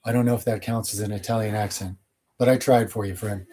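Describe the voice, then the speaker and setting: A man's voice: lowish voice, fairly even intonation, fast talker, dark tone, husky. A man hosting his channel, answering viewer questions in a casual, rambling monologue with blunt opinions.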